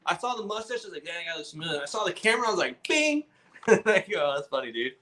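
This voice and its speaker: A man's voice: high voice, big pitch swings, racing, fairly bright tone. A young man, a guest on a casual podcast, telling rambling stories full of "like". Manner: rambling storyteller, says "like" a lot. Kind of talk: casual chat.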